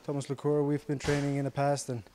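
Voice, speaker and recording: A young man with a slight Irish-tinged accent, speaking English as a second language, answering interview questions softly with many pauses and fillers in a gym. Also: mid-range voice, level tone, a little hiss or hum. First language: Icelandic. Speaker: interviewed fighter. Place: sports gym.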